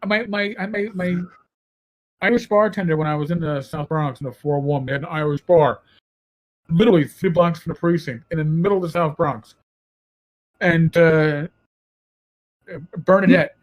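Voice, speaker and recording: A man, a former police officer, telling animated and profane stories in casual podcast chat. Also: a little high, moderate pace, long pauses, rough recording.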